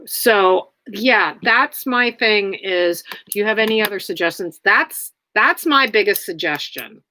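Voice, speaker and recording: Slow, bright-voiced woman streaming live. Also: medium pitch, expressive, slight background noise. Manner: rambling, many fillers, blunt. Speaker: livestream host. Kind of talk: casual livestream chat answering viewers.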